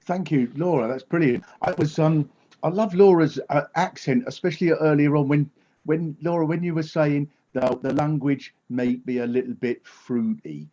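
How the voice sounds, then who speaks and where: A man doing a comic monologue as a stand-up comedian, lively and full of mimicry. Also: fairly high pitch, normal speed. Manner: lively, mimics others' voices. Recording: dull lo-fi stream audio.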